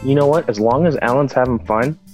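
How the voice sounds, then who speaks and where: A man's voice: mid-range voice, a little fast, faint music behind, poor audio. A man from the United States, a guest on a podcast, telling stories animatedly and acting out quotes. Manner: animated storyteller who acts out quotes. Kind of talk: casual chat.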